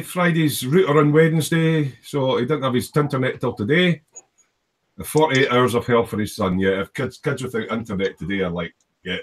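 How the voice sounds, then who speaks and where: A man's voice: mid-range voice, fairly bright tone. Chatty male live stream host. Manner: chatty, greets viewers one by one with lots of fillers. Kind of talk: casual live stream chat.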